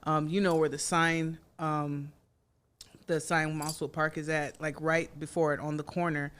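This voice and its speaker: A woman's voice: low-pitched, measured pace. A woman in her forties, a guest artist telling stories in a casual studio podcast interview, chatty and full of fillers. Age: 40s. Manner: chatty, lively storytelling with frequent fillers and laughter.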